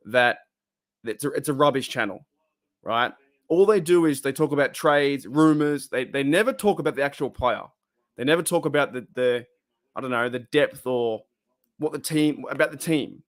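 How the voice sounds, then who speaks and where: An Australian man hosting a casual live stream, talking bluntly and heatedly and swearing freely. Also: on the high side.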